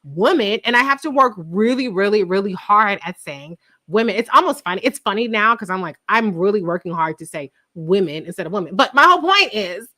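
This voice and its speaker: A young adult woman hosting a casual TV recap chat, telling stories in an animated, profane way. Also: mid-range voice, brisk. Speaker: podcast host.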